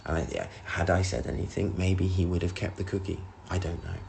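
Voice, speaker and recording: A man's voice: low-pitched, brisk, vocal fry, a little mellow, a little hiss or hum. A man hosting a solo podcast, telling a rambling story with lots of swearing and acted-out outbursts of his own. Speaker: podcast host.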